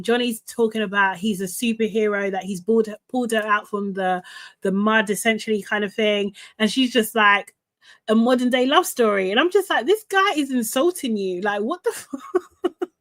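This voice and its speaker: Woman host, live casual recap chat, slightly high voice, lively and laughing, loose with fillers. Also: moderate pace. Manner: chatty and animated, laughs often, many fillers. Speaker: host recapping a reality show.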